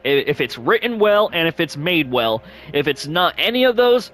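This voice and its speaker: A man hosting a gaming channel, chatting casually and rambling, with many fillers and sudden jumps up in pitch. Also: very animated, normal speed, fairly bright tone. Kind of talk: casual vlog chat.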